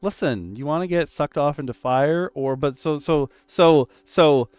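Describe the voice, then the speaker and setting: On an online voice call through a gaming headset, a dungeon master animatedly recounts a tabletop session, acting out his players' voices. His high-leaning voice is unhurried, clear and resonant, though the dry recording is muffled, with soft music in the background.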